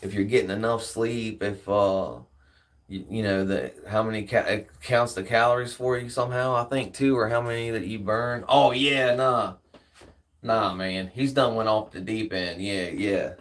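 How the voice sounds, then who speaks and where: A man's voice: on the low side, steady tone, normal speed, recorded from a distance, rough recording. A man hosting a live stream in casual chat, laid-back and slangy, swearing freely.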